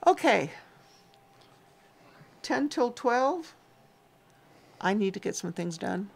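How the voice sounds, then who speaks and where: Speaking slowly but very animatedly, she has a mid-range voice with vocal fry and a slightly rough edge. She co-hosts a homestead livestream, bantering as she reads out what viewers write and who they are.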